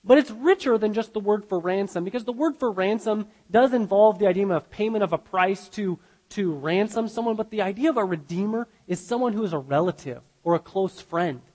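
A man's voice: high-pitched, expressive, fairly quick, hardly any pauses, a little mellow, big-room sound, rough recording. A man preaching a sermon, earnest and emphatic, often restarting his sentences. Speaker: pastor.

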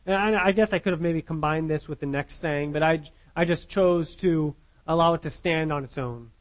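A man's voice: high voice, lively intonation, measured pace, rough recording. A man preaching a sermon, earnest, repeating his words and putting questions to his listeners.

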